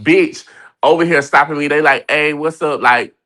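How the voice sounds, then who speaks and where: A man's voice: a little high, normal speed, bright, forceful tone. A man, chatting casually as a guest with sassy, dramatic reactions. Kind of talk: casual chat.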